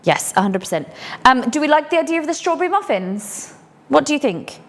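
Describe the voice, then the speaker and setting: A woman's voice: high-pitched, big pitch swings, brisk. An English woman hosting a casual live cooking stream from her home kitchen, chatty and rambling with cheeky asides. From England.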